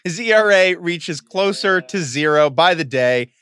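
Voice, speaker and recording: A man's voice: a little high, expressive, unhurried, fairly bright tone, clear, resonant tone, no echo. A young man co-hosting a podcast in casual chat, enthusiastic and rambling, often restarting his sentences. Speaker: podcast co-host.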